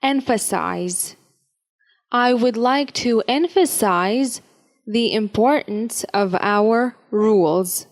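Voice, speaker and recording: A woman teaching vocabulary at a very slow, measured pace, pronouncing each word with care. Her voice sits a little high for a woman. She reads each word and example sentence steadily, like a drill in a lesson. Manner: slow, deliberate, carefully enunciated word-by-word reading. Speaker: language teacher.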